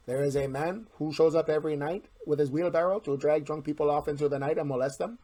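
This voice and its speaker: A man doing a polite bartender in a Mexican bar with broken English and a clumsy put-on accent. The voice sits a little above the man's usual pitch and comes out louder and pushier. The tone is husky. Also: fairly even intonation, lightly acted. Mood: warning. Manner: put-on foreign accent, halting formal English.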